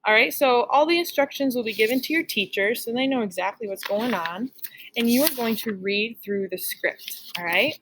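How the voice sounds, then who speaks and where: A woman's voice: on the high side, moderate pace, fairly bright tone, a little hiss or hum. A woman teacher recording a lesson for her class, upbeat and encouraging, checking in with her students often. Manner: upbeat, encouraging, frequent "all right?" check-ins.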